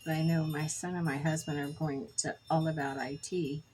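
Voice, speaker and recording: Chatty lower-voiced woman crafting. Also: fairly even intonation, normal speed, warm tone, slight background noise, low-quality recording. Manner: chatty storyteller, rambling with self-corrections. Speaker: jewelry crafter. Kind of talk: casual crafting vlog chat.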